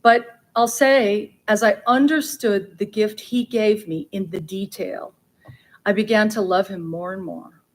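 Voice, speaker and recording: A woman at a memorial on a theater stage, speaking in a reflective way. Her pitch sits in the middle of the usual range for a woman. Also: steady tone, a little slow. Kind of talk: speech at a memorial event.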